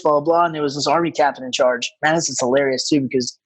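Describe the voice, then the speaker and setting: A man telling stories as a guest on a casual podcast, animated and rambling, with lots of fillers. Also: mid-range voice, fast talker, low-quality recording. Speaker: podcast guest, combat rescue officer.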